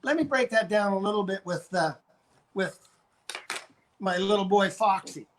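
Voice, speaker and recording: A man's voice: sits high, unhurried, slight background noise. An older man from Canada, a dog trainer, coaching viewers on a live stream and going over his points again and again with demonstrations.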